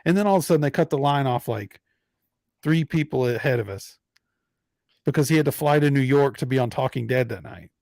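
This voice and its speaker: Podcast host, man in his 30s, animated storyteller, close dry mic. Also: mid-range voice, a little fast, no echo. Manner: animated storyteller acting out quotes. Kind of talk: casual storytelling chat.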